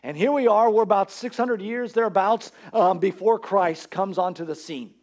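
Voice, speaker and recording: Male pastor, higher-pitched voice, conversational sermon delivery that builds in emphasis. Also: normal speed, a little mellow. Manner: earnest, conversational preaching with rising emphasis. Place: church.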